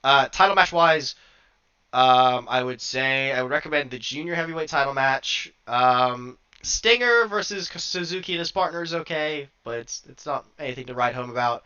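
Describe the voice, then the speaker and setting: A man's voice: medium pitch, normal speed, pushed and bright, clean tone. A man co-hosting a podcast, rambling through a wrestling review in casual chat, laughing often, swearing and getting worked up. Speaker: podcast co-host. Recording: dull lo-fi sound.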